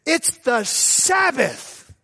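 A man's voice: very high voice, sing-song, creaky, sharp tone, slightly rough, pitched above the performer's own voice, full character voice. A man putting on a stern, scolding young woman. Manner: slow, clipped scolding. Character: stern upset young woman, rule-bound.

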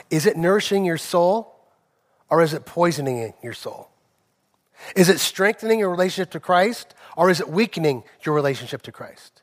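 A man's voice: fairly high pitch, expressive, fairly quick. A man in his forties, a pastor preaching a sermon, telling personal stories and building to impassioned preaching.

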